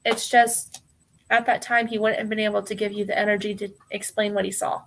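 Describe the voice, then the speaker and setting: A woman's voice: mid-range voice, level tone, a little fast. An American woman hosting a live tarot stream, reading viewer names aloud, often laughing and calling people hon. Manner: warm, apologetic, giggly, calls viewers hon.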